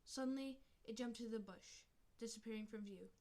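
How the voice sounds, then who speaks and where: A woman's voice: on the high side, a little fast, dark tone. Woman reading a cat story aloud. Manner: unpolished reading with restarts and chatty asides.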